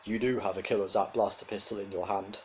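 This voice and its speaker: A lifeless, ancient male robot, voiced by a man telling a story, with a cultured, raspy edge. The delivery is flat, quiet and patient, in a lowish voice. It comes from a spoken storybook reading. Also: quick pace, slight background noise, close to an everyday voice, low-quality recording. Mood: cold. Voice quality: cultured rasp.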